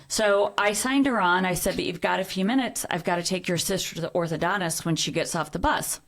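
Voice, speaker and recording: A woman's voice: on the low side, a little fast, a bit bright. A middle-aged woman, a podcast guest, telling a personal story in earnest conversation and acting out the quoted dialogue.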